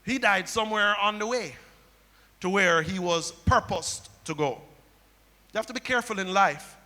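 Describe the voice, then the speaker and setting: High bright-voiced preacher in a reverberant hall. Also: male voice, normal speed. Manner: storytelling preacher, repeats key phrases, speaks to congregation. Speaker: pastor. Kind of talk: sermon. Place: church sanctuary.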